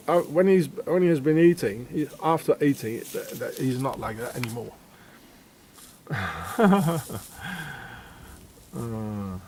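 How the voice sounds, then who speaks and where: A man rambling in a sardonic monologue while feeding cats, often dropping into low muttered asides. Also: a little mellow, a little hiss or hum. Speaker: vlogger.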